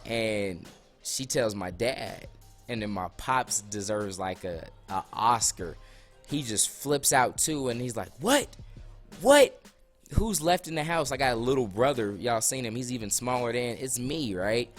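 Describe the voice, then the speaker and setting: A man's voice: mid-range voice, measured pace, soft background music. A young man in casual, slangy storytime, losing his voice a little. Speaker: vlogger.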